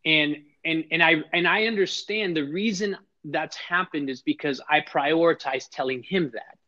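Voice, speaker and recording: A man's voice: fairly high pitch, normal speed, bright, forceful tone. Earnest middle-aged man, slightly muffled. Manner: earnest, emphatic, repeats words when starting sentences. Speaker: podcast guest. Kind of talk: heartfelt conversational storytelling. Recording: slightly dull lo-fi sound.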